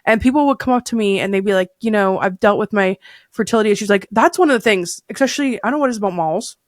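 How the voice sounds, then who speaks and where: A woman's voice: mid-range voice, quick pace, no echo, clean studio sound. A woman in her thirties chatting candidly as a podcast guest, rambling with fillers and restarts. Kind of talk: candid casual chat.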